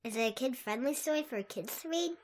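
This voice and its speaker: A man voicing a giddy, childlike sidekick in a high baby voice, full of eager questions. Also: fast talker. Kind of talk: comedy podcast bit.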